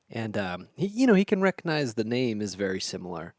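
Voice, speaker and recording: A man's voice: on the low side, big pitch swings, a little fast, a little mellow, dry recording, clean studio sound. A man hosting a podcast, casually retelling a fantasy novel in a loose, chatty way with lots of fillers and some swearing. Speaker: podcast host.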